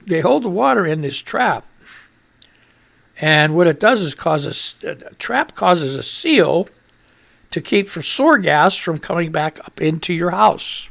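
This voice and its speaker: Gravelly, animated male radio host. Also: fairly high pitch. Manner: rambling, joking, reads headlines and posts aloud. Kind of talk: rambling comedic news commentary.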